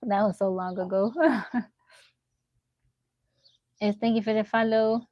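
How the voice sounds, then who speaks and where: A young woman live-streaming from her phone, telling animated stories to her chat and laughing often. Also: mid-range voice, moderate pace, pauses often, no echo, lo-fi sound. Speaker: livestreamer.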